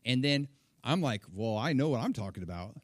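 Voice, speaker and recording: A middle-aged man preaching, telling a personal story with animated, acted-out quotes. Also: mid-range voice, brisk, no echo. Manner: animated, acts out quoted voices. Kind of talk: sermon storytelling.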